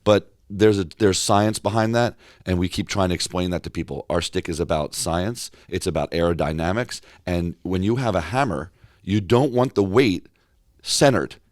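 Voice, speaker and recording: A man talking as a podcast guest in a studio, telling stories with excitable energy and quick restarts. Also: sits low, no room sound. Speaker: podcast guest, company founder. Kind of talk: casual podcast chat.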